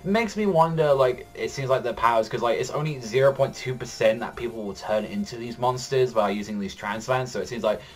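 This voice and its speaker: A young man recapping a comic chapter in loose, rambling talk, his pitch sitting right in the middle of the usual male range. He leans on "like" constantly and swears freely as he goes. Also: a little fast, hardly any pauses. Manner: rambling, heavy use of "like", swears often. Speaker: anime and manga reaction vlogger.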